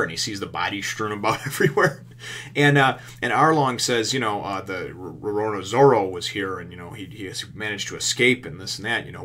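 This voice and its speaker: A man's voice: on the low side, lively intonation, fairly quick, sharp tone. A man casually recapping a comic chapter in a rambling, profane way, full of fillers. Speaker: manga reviewer.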